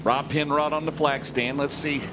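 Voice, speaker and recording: A man's voice: fairly high pitch, flat delivery, normal speed, noisy background. A man doing casual booth commentary at a dirt track race, chatty and joking with his co-host. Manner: chatty, laughs often, jokes with co-host.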